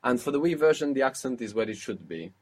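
A man's voice: medium pitch, animated, fast talker, husky. A man teaching a spoken language lesson, patiently explaining grammar step by step and quizzing his student.

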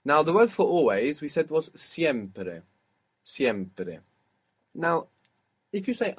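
Patient husky male language teacher. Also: medium pitch. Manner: patient, explains step by step and quizzes the learner. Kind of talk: audio language lesson.

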